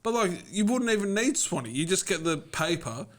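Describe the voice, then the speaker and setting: A man's voice: sits high, sing-song, brisk. A man with an Australian accent co-hosting a podcast, teasing and joking with many fillers. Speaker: podcast co-host. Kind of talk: casual chat.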